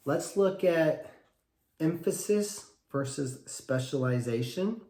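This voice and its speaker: Male wrestling coach, fairly high voice, punchy and repetitive, recorded in an echoey space. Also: expressive, unhurried, darkish tone. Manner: acts out little parent dialogues, emphatic and repetitive. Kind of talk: animated coaching talk.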